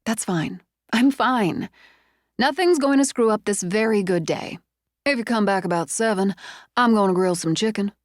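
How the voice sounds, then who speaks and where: A woman narrator voicing a young woman homeowner who swings between fright and fury, breathless and shrill when upset. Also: moderate pace, no echo, studio quality, lightly acted. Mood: reassuring. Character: young woman homeowner, shaken then furious.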